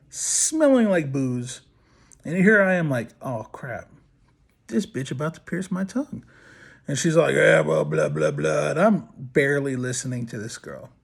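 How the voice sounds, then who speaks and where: A middle-aged podcast host who works as a body piercer tells a crude story full of swearing, acting out what people said. His voice is a little high with a breathy edge, and his casual storytelling is animated.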